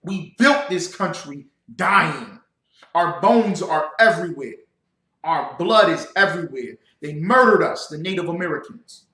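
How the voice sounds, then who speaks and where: A man preaching a livestreamed sermon as a religious teacher, emphatic, building to shouts and calling out to his audience. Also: on the high side, lively intonation, a little slow. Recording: roomy echo.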